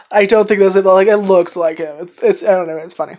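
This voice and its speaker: A woman giving a casual, rambling anime review, excitedly retelling scenes and swearing freely. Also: mid-range voice, quick pace, hardly any pauses.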